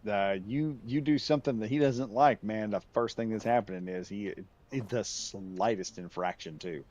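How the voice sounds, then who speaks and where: A man's voice: on the low side, normal speed, a little mellow. A man telling a story in casual chat on a stream, down-to-earth and often laughing. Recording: dull dry lo-fi sound.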